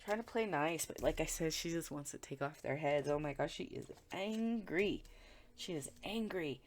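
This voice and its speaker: A woman's voice: low voice, lively intonation, normal speed, background noise. A woman giving a casual tarot reading, talking bluntly and with plenty of swearing and filler words. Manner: chatty, blunt and profane, with frequent filler words. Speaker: tarot reader.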